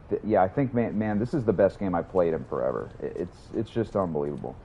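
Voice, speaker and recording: A man's voice: sits low, expressive, moderate pace, dark tone, slight background noise. A young man chatting casually while livestreaming a game, rambling, swearing and answering his chat. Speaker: streamer.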